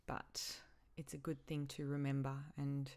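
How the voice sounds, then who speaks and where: Grieving woman with a low voice. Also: level tone, darkish tone. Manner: halting, emotional, repeats herself. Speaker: podcast host. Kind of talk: personal podcast monologue.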